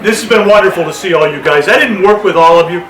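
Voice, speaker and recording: A hoarse older man, a former radio announcer turned salesman, giving a jokey, rambling speech at a reunion table, caught on a handheld camera. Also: high-pitched, fast talker. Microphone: handheld camera across the room. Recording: echoey room with crowd chatter.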